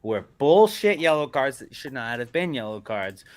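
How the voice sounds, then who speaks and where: A man co-hosting a casual sports podcast, ranting indignantly and cracking deadpan jokes. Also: medium pitch, moderate pace, dry recording. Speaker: podcast co-host.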